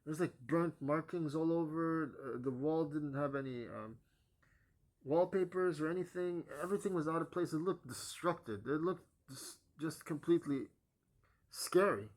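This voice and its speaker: A hesitant young man recounts his story as a vlog testimony, pausing frequently and using fillers. His voice falls soft and low at the close of each phrase.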